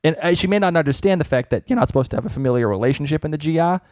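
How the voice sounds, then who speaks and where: Excitable Massachusetts man. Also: on the high side, very fast, no room sound, studio quality. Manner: excitable, laughs often. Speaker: podcast co-host. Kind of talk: casual chat.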